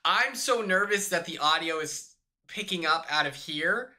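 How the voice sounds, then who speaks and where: Male streamer, casual hotel-room chat, sharp bright tone, slow drawl, excitable and sweary. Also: fairly high pitch. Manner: excitable, swears, laughs often, shrieks when retelling.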